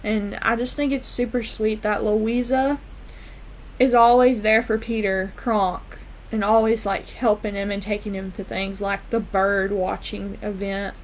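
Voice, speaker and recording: A woman's voice: mid-range voice, little pitch movement, measured pace, a little hiss or hum, poor audio. A woman casually recapping a TV episode, chatty, with frequent ums and restarts as she retells scenes. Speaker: TV episode reviewer.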